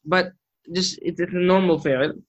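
A man's voice: high-pitched, fairly even intonation, moderate pace. A man teaching Arabic grammar in a live lesson, patient and encouraging, drilling terms aloud. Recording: muffled lo-fi audio.

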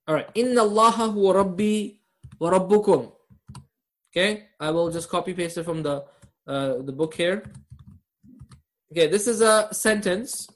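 A man's voice: fairly high pitch, normal speed, pauses often. A man teaching a live online grammar class over a video call, quizzing his students and laughing at his own jokes.

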